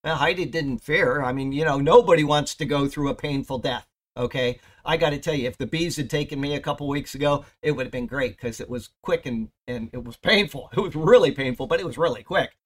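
A man's voice: medium pitch, a little fast. A man preaching a conversational Bible study sermon, reading scripture aloud with emphatic rises and joking with his listeners between verses. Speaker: pastor.

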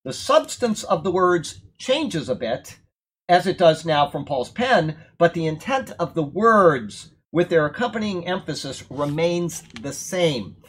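A man's voice: a little high, sing-song, unhurried, breathy edge. A man teaching a verse-by-verse sermon, explaining scripture in a conversational, emphatic way and checking in with his listeners. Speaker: preacher teaching from Bible.

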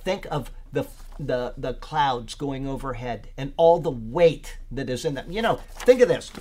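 A man's voice: medium pitch, expressive, a little slow, dark tone. A man leading a podcast Bible study, rambling and searching for words with many fillers, then reading aloud and leaning hard on key words.

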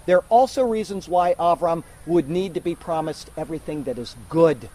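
A man's voice: on the high side, normal speed, warm tone, poor audio. A man preaching an emphatic sermon, teaching verse by verse to his congregation. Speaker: pastor.

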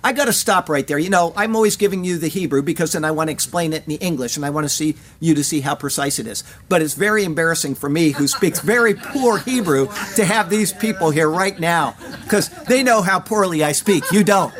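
A man's voice: a little high, brisk, hardly any pauses, fairly bright tone. A man, preaching a verse-by-verse sermon, reading scripture aloud and explaining it with casual asides. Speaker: pastor.

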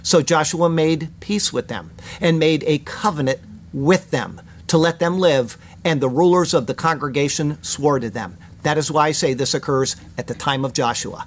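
A man reading a scripted sermon. He quotes scripture at length and slows down to sound out Hebrew words. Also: fairly high pitch, a little hiss or hum. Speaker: pastor.

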